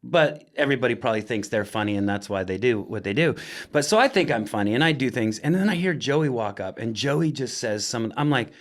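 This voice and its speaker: A man's voice: mid-range voice, expressive, a little fast. Man rambling through self-mocking anecdotes. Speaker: podcast guest. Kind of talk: casual chat.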